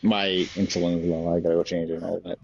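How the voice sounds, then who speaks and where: A man's voice: sits low, little pitch movement, racing, gravelly, a little mellow, slight background noise. A man co-hosting a casual chat in an easygoing way, swearing now and then. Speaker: podcast co-host. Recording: dull lo-fi sound with faint music.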